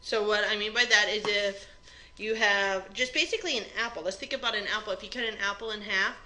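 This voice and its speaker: A woman's voice: mid-range voice, steady tone, fairly quick, sharp tone, rough recording. A woman teaching chemistry, walking through an exam review step by step in a plain conversational way. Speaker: chemistry instructor. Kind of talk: recorded exam review lecture.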